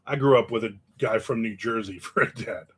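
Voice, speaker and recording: A man's voice: lowish voice, fairly quick, fairly bright tone, husky. A man in his fifties hosting a casual livestream, reading comments with rambling, joking remarks and chuckles. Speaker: host.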